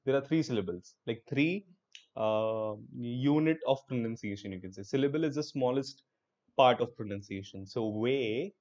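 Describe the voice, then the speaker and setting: Upbeat and supportive, a young Indian English–accented male teacher runs a live online English lesson, occasionally dropping into Hindi. He speaks at normal speed in a mid-range, somewhat mellow voice, and the audio sounds dull.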